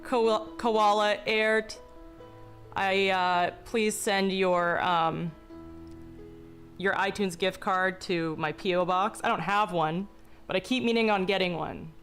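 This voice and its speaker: A young woman streaming, speaking in a slow, deliberately calm, mock-soothing way with a touch of vocal fry, joking with chat. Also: medium pitch. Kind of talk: casual live-stream chat. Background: faint background music.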